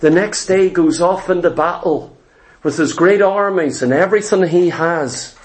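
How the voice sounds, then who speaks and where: A man's voice: high-pitched, normal speed, a little hiss or hum. A male pastor preaching a sermon, telling a scripture story emphatically and acting out the characters' lines. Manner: emphatic and exhortative.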